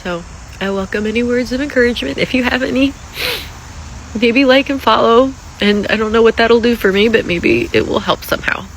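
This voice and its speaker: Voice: medium pitch, brisk, a little hiss or hum, rough recording. Anxious candid vlogger, swearing freely. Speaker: laid-off office worker. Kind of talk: casual selfie vlog.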